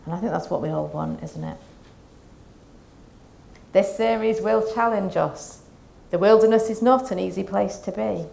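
Delivering a Lent sermon, a woman reads scripture and reflects in a calm, measured manner, her medium-pitched voice slightly creaky.

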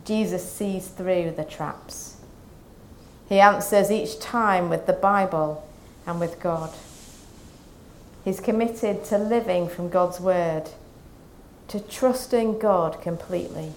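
A woman preaching a Lent sermon, reading scripture and reflecting in a calm, measured way. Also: lowish voice, a little hiss or hum.

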